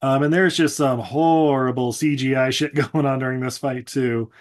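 A man's voice: mid-range voice, fairly even intonation, moderate pace. A man hosting a podcast, casually recapping a movie with lots of laughs and swearing, slipping into silly character voices. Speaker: podcast host.

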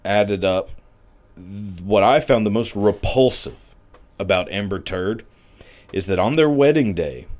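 A man's voice: fairly low pitch, a little mellow. A man delivering a crude, sarcastic comedic rant, swearing freely and leaning on "like" as filler.

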